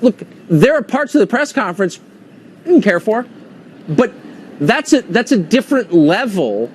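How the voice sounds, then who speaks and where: News host guy, slightly high voice, skeptical questions, bit of background hiss. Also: sing-song, normal speed. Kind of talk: cable news interview.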